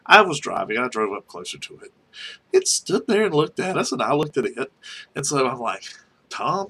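Middle-aged man from North Carolina, husky tone, rambling anecdotal storyteller. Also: fairly low pitch, bright, forceful tone. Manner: rambling, many restarts, chuckles through stories. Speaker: archaeologist telling field stories. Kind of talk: casual spoken memoir storytelling.

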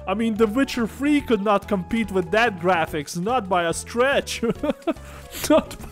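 Guy cursing and cracking up over retro games, high lively voice, kinda slow, little game music in the back. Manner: profane, joking, laughs often. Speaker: gaming commentator. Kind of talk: casual let's-play commentary.

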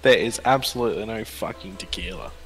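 A man's voice: lowish voice, brisk, fairly bright tone, faint music behind, lightly acted. A man voicing a laid-back Australian bartender in a game roleplay, swearing casually and saying mate constantly.

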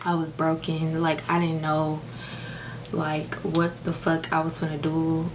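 A young woman with a low voice talks slowly and frankly into her camera while doing her makeup. She is tearful, says "like" constantly and swears freely. Her camera mic is recording in a room with steady background noise. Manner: frank, heavy use of "like" and swearing. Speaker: beauty vlogger. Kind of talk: casual get-ready-with-me chat. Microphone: camera microphone.

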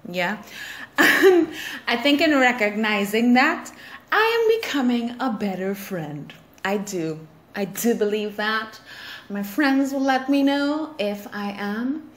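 A woman's voice: a little high, animated, takes it slowly, a bit bright. A woman hosting a solo podcast, talking candidly and reflectively about friendship and laughing at herself. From Trinidad and Tobago. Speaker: podcast host. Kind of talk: casual solo podcast monologue.

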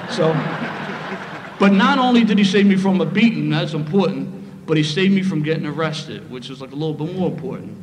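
A middle-aged man with a Philadelphia accent, telling a lively, humorous story of his past at a recovery meeting. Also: on the high side, brisk. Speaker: speaker sharing his story. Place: meeting hall. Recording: roomy hall, faint noise.

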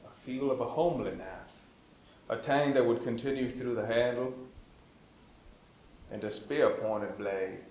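A man puts on the ghost of an elderly woodsman who speaks in an old-fashioned accent and lectures like a stern grandfather. His voice sits at a middle pitch, and it rings in an echoey room. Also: unhurried, long pauses, darkish tone, lightly acted. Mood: lecturing. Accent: put-on old-fashioned accent. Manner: old-fashioned, lecturing, says "dear boy".

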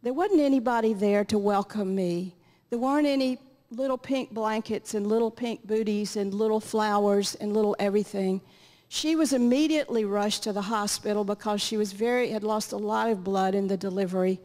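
A woman's voice: medium pitch, normal speed, darkish tone. An older woman giving an earnest personal testimony at a church meeting, speaking into a stage microphone. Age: 60s or 70s. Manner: earnest storytelling, acts out quotes. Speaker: guest speaker. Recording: reverberant church hall.

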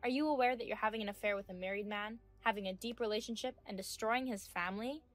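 A woman's voice: mid-range voice, fast, soft background music. A woman in her thirties narrating as a wronged wife, speaking firmly and with indignation in a scripted audio drama. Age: 30s. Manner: firm, indignant questioning.

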